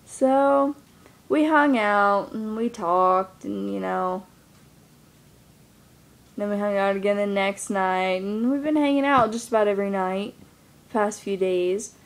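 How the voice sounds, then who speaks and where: A woman's voice: medium pitch, a little slow. A young woman speaks casually into her camera, rambling through a personal story. Her talk is loose and full of fillers, with a middling voice. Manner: rambling, lots of fillers like "like" and "you know". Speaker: vlogger.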